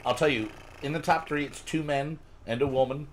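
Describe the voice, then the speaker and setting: A man's voice: a little high, fairly quick, slight background noise. A man hosting a casual chat with friends, explaining a list in a chatty way and swearing now and then. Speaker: podcast host.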